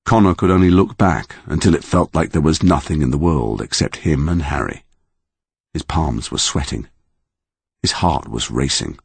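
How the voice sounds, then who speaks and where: A man narrating a story in a measured, expressive way. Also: very deep voice, creaky, breathy edge, dry recording. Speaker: audiobook narrator. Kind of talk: scripted narration.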